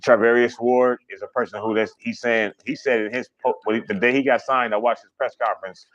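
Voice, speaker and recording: A man hosting a casual livestream, chatting fast and rambling, swearing freely as he reads viewer comments. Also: medium pitch, fairly even intonation, fairly bright tone, no room sound, lo-fi sound. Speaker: livestream host.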